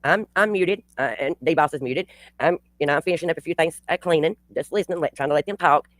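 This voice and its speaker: A woman's voice: sits low, quick pace, dry recording. A woman hosting a livestream, telling a story bluntly and profanely, with rambling restarts. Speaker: channel host.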